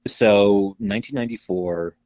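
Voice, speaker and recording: A man co-hosting a podcast, telling stories in casual chat, animated and swearing freely. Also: on the low side, normal speed, no echo, lo-fi sound. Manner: animated storyteller, acts out quotes, swears freely. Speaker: podcast co-host.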